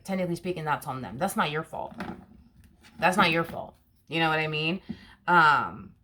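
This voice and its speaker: Speaking to camera, a woman gives a casual tarot reading, circling back with rhetorical questions and loads of filler words. Her voice sits low but carries a fairly bright tone.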